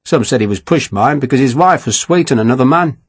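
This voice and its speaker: A man's voice: medium pitch, lively intonation, fast talker, husky. A man voicing a gaunt, earnest soldier from the countryside who gossips and is easily shocked.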